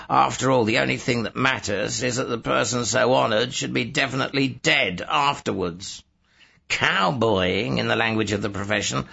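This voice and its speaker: Brief: male audiobook narrator, heavy vocal fry, bright and husky, sardonic delivery. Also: medium pitch. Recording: dull lo-fi recording.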